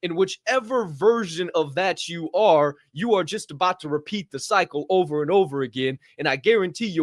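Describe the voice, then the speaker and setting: This is clean studio sound with no room noise: a young co-host gives a motivational podcast monologue, animated and full of profanity. He jumps from loud outbursts to quiet, muttered asides.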